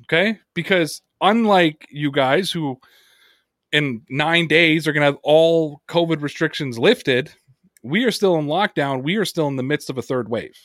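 A man hosting a casual podcast, telling stories with animated energy and plenty of swearing. His voice sits a little high for a man, recorded close and dry with no room sound. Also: unhurried, no room sound. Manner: animated storyteller, swears freely, acts out quotes. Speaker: podcast host. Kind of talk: casual chat.

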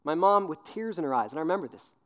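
A young man in his twenties delivers a sermon at a rapid clip, his voice sitting a little high. He tells stories with lively, acted-out voices and drops low and earnest when he makes his point. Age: 20s. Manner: animated storyteller, acts out voices with big pitch jumps. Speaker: youth pastor.

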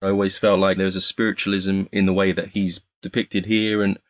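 An English man, a guest actor in a casual interview, telling animated stories and laughing often. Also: low-pitched, a little fast, dry recording. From England.

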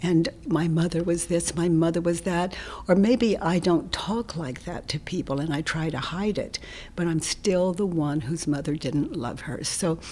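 Lady talking slow and gentle, kinda husky, slips into whispers a lot. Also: on the low side. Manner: gentle, often dropping into a soft whisper. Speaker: interview guest, self-inquiry teacher. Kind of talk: reflective conversational explanation.

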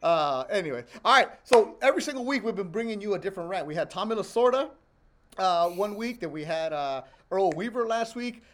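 A man's voice: high-pitched, animated, fairly quick. A man co-hosting a podcast in casual chat, brash and joking, with some swearing. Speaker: podcast co-host.

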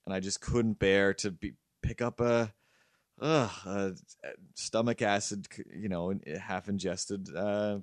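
Low-voiced man rambling through a story. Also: fairly even intonation, unhurried, no room sound, studio quality. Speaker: podcast host. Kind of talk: casual chat.

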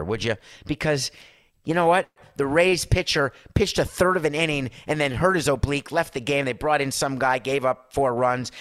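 A man hosting a sports talk show, a former team executive, talking in a rambling, animated, conversational way while seated indoors. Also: mid-range voice, no room sound, clean studio sound. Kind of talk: casual sports commentary monologue.

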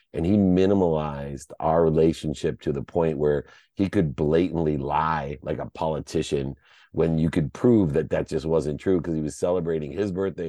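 A man's voice: rumbling low, warm tone, dry recording, clean studio sound. A middle-aged American man sharing a personal story as a podcast guest, heartfelt and choked up at times, restarting his sentences. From United States. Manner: heartfelt, choked up at times, restless repeated starts.

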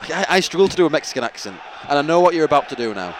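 A man with a fairly high, very lively voice that swings up and down as he laughs through match-day banter. He sits in the stands of an outdoor football ground, with a faint hiss of open air behind him. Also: very fast. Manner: laughing, animated, stumbles over names. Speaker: podcast co-host.

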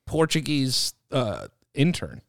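A man's voice: mid-range voice, huge pitch swings, slow pace, gravelly. A man co-hosting a podcast, reading game rules aloud and bantering loosely with plenty of swearing. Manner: loose, profane, joking banter. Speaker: podcast co-host.

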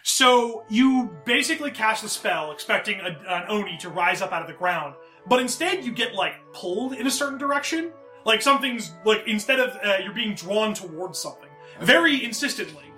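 A man's voice: high-pitched, animated, a little fast, hardly any pauses, pushed and bright, faint music behind. A man narrating as game master in a tabletop game, rambling and casual with frequent swearing. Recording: roomy echo.

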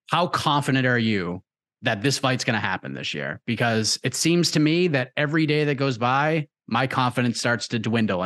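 A man's voice: mid-range voice, a bit bright. Chatty male interview host. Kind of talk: casual interview chat.

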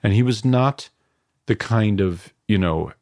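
A man's voice: lowish voice, measured pace, a little mellow, no room sound, clean studio sound. A middle-aged man from New York, a filmmaker reflecting at length in an interview, digressive with frequent restarts and asides. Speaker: filmmaker guest.

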